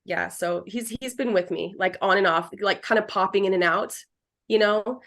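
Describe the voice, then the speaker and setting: A woman psychic medium in casual chat, rambling and animated, often acting out what was said to her. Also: mid-range voice, moderate pace. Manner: rambling, animated, acts out quotes.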